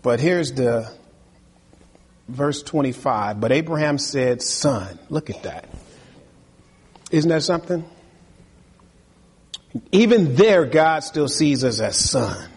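Man, pastor, sermon, slightly high husky voice, long hall reverb, earnest. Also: animated, takes it slowly, pauses often, a little mellow. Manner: earnest, preaching with repeated rhetorical questions.

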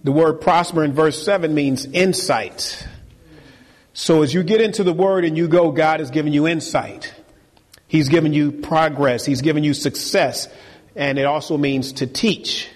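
A man's voice: a little high, normal speed, in a large hall. A man preaching a sermon as pastor, emphatic and repeating key phrases for force.

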